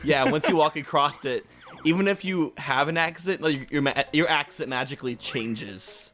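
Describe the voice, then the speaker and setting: A man's voice: on the high side, normal speed, fairly bright tone, soft background music. A young man joking crudely while playing a video game with a friend. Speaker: co-host. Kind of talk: casual gaming banter.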